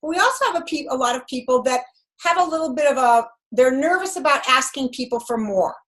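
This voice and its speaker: A woman's voice: high-pitched, animated, quick pace, fairly bright tone. A woman on a team conference call asking a long, chatty question.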